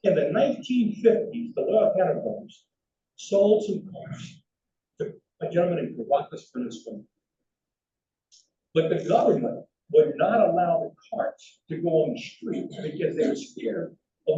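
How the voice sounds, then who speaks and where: An older man with a high voice speaks at a normal speed, telling anecdotes during a slide lecture. He's animated but keeps restarting his sentences, and the hall recording sounds roomy, distant and dull.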